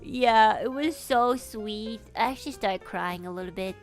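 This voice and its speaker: A young woman from Canada telling a personal story in a casual, animated, emotional way, swearing now and then. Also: medium pitch, normal speed, faint music behind. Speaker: streamer.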